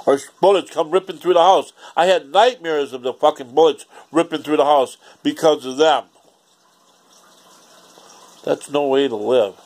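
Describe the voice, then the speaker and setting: A man's voice: fairly high pitch, moderate pace, a little mellow. A man, ranting casually and profanely in a rambling home vlog. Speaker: vlogger.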